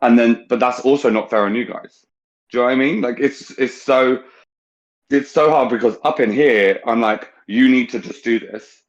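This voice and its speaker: A man's voice: mid-range voice, moderate pace, highs cut off. A man hosting a casual chat on a video call, emotional and teasing, who swears freely. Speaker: podcast host.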